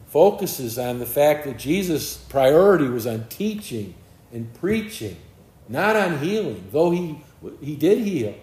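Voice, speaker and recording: A man's voice: medium pitch, warm tone, reverberant. A man preaching a sermon in an earnest way, often repeating words as he searches for the next one.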